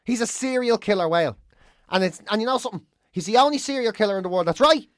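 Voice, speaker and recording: Animated Irish woman, lively pitch. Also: fast, no echo, studio quality. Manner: animated, swears freely, bursts into song. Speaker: podcast host. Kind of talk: casual chat.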